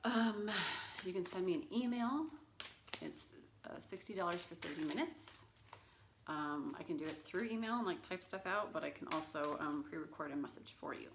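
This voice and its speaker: A woman's voice: on the low side, lively intonation, moderate pace, noisy background. A woman giving a casual tarot reading, chatty and rambling, with plenty of fillers and asides. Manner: talks baby talk to her cat. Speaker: tarot reader.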